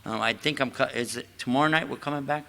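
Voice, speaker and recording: A man's voice: medium pitch, quick pace, gravelly, sharp tone. Folksy older man lecturing in echoey hall. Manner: folksy, joking storyteller. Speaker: Islamic lecturer. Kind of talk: lecture with joking asides. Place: mosque hall.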